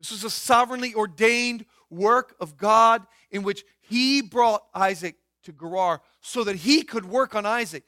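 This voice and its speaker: A man's voice: sits high, a little slow, hardly any pauses, sharp tone, no echo, studio quality. A man preaching a sermon in an emphatic way, asking rhetorical questions and dropping his voice to stress points. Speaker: pastor.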